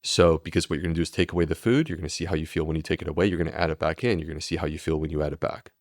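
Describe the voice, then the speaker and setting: Deep-voiced man explaining earnestly. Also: very fast, no room sound, clean studio sound. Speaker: gastroenterologist guest. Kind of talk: podcast interview.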